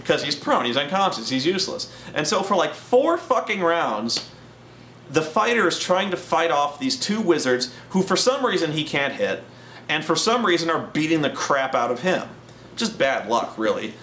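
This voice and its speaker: A man hosting a show, telling a casual tabletop-gaming anecdote in an animated, profane way with frequent restarts. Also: fairly high pitch, moderate pace, slight background noise. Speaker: host and storyteller. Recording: roomy echoing room.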